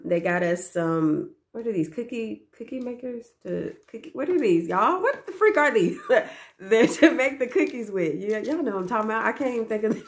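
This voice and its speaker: A woman's voice: medium pitch, a little hiss or hum. A young woman who works as a daycare teacher, chatting casually to the camera about her gifts in a gushing, repetitive way and talking to viewers as y'all. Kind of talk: casual gift haul chat to camera.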